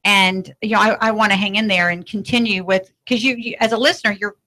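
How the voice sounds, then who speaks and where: Bright-voiced woman radio host from Texas. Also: mid-range voice, fairly even intonation, brisk, rough recording. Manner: friendly, laughs easily. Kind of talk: casual radio chat. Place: radio studio. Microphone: studio microphone.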